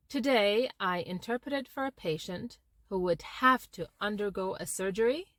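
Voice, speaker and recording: Woman, interpreter, teaching talk, expressive tone shifts, dry close sound. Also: medium pitch, dry recording. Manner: expressive, shifts tone to illustrate points. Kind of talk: educational talk to camera.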